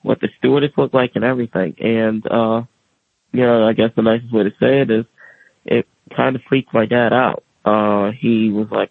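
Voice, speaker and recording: A man's voice: lowish voice, normal speed, creaky, no echo. A man telling his own story in a casual way, acting out other people's voices as he goes. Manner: animated, acts out quoted voices. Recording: tinny phone-like radio audio.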